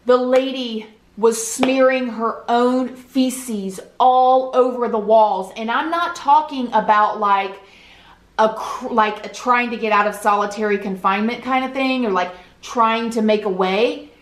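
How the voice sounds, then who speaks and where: A woman's voice: fairly high pitch, a little slow. A woman telling a personal story to her viewers in a casual, earnest storytime style, often addressing them as "you guys", with a Southern US accent. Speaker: YouTube storyteller. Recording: roomy echoey home recording.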